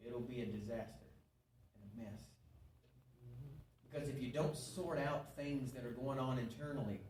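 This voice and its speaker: A man's voice: medium pitch, a little mellow, a little hiss or hum. Earnest man preaching in a roomy hall. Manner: folksy, earnest, repeats himself, asks the audience questions. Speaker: speaker at a men's meeting. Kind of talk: sermon-style storytelling. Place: church hall before an audience. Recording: roomy, distant live hall recording.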